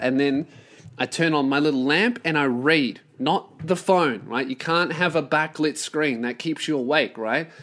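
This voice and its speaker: Solo podcast host, male, young, ranty and profane, pitch a bit high. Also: fairly bright tone. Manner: profane, ranting, acts out mocking quoted voices.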